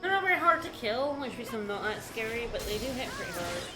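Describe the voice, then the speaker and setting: A fairly high-voiced woman talking her way through a video game with upbeat, practical remarks. Her voice is echoey, and game music plays clearly behind her. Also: big pitch swings, fast talker. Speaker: co-host of a game stream. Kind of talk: casual gameplay chat.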